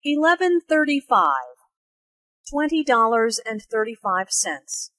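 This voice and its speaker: A woman with a slightly high voice speaks slowly and carefully as she explains English expressions. Her pitch moves a lot when she reads out the example phrases. The recording is close and dry. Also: no room sound. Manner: slow, careful, with lively pitch for spoken examples. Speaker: English teacher. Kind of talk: slow, clearly articulated teaching narration and dialogue.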